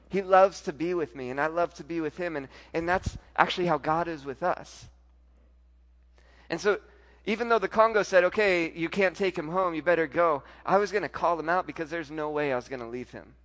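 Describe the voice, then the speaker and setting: A pastor preaching a sermon, telling a personal story, moving from soft, intimate lines to loud, emphatic ones. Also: male voice, fairly high pitch, lively intonation, moderate pace.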